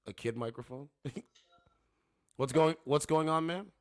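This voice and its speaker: Speaking slowly in a fairly high voice, a man hosts a laid-back livestream from his home studio, which has two monitors. He rambles and repeats "you know what I'm saying" often, and the recording sounds dry.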